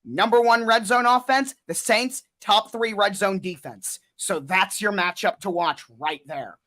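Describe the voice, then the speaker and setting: Brief: male sports podcast co-host, bright tone, earnest and stat-minded. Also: sits high, a little slow. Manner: earnest, stat-heavy, enthusiastic. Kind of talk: casual sports chat.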